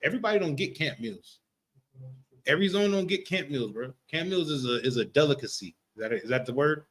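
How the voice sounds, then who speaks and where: A man's voice: a little high, expressive, brisk, a bit bright. A man leading a casual religious class discussion, talking loosely and often checking in with his listeners. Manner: loose, repetitive, keeps asking "you know what I'm talking about".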